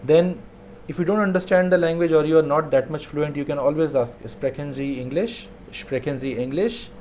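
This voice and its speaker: Mellow-voiced male language teacher. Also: on the high side, a little hiss or hum. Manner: repeats phrases slowly and explains them. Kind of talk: online language lesson.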